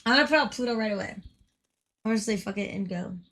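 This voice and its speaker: A woman's voice: medium pitch, brisk, fairly bright tone, slight background noise. A woman livestreaming in a casual, playful way, giggling and swearing now and then as she chats.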